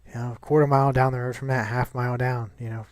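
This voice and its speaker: Young man, vlogger, casual rambling talk, frequent swearing, dry close sound, mid-pitched voice. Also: little pitch movement, fast, no echo. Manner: rambling and profane, many restarts.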